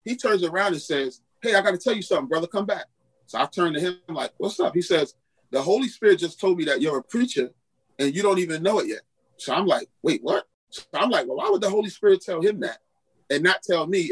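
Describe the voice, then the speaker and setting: A man tells his testimony as a podcast guest, slipping into the voices of the people he quotes. His voice sits a touch high for a man and carries a husky, slightly grainy edge. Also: fast talker, low-quality recording. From Queens, New York. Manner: animated storyteller acting out quoted dialogue. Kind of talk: storytelling testimony in a podcast interview.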